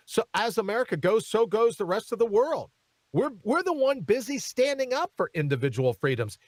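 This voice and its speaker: A man's voice: fairly high pitch, no room sound. A man hosting a talk radio show, giving emphatic commentary and turning often to his co-host. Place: radio studio.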